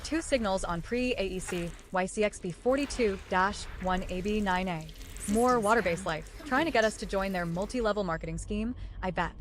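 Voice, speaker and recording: A woman playing a dry, sardonic female ship AI from a space game. Her voice sits at an ordinary middle pitch and reads status reports with deadpan sarcasm, over a faint hiss in the game audio. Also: moderate pace, natural voice. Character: wry female ship computer companion. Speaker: ship AI companion. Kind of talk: game voice lines.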